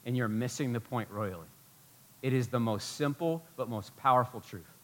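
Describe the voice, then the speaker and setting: A man preaching a sermon as pastor, animated and emphatic, full of rhetorical questions. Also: mid-range voice, moderate pace.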